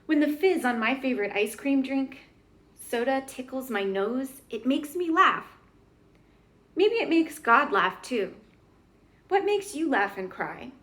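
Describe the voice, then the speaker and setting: Woman reading a children's book aloud in a high, gentle voice. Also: lively intonation, measured pace. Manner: gentle storybook reading with questions to the listener.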